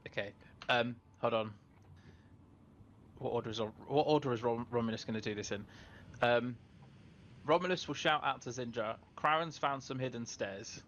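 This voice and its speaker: A man's voice: medium pitch, normal speed, pauses often, fairly bright tone, highs cut off, a little hiss or hum. A man playing in a tabletop role-playing game, talking hesitantly with many fillers and self-corrections as he runs two characters. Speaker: player. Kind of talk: casual tabletop game chat.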